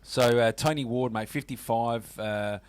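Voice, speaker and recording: A man's voice: mid-range voice, measured pace, slight background noise. A man with an Australian accent hosting a casual sports radio show, chatty and full of fillers. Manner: chatty, lots of fillers and "mate".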